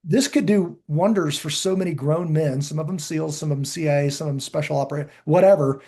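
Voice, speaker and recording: A man's voice: fairly high pitch, a little fast. A middle-aged man hosting a podcast interview, telling stories animatedly, acting out quotes and restarting his sentences. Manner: animated storytelling, acts out quotes, frequent restarts. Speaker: podcast host. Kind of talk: casual interview chat.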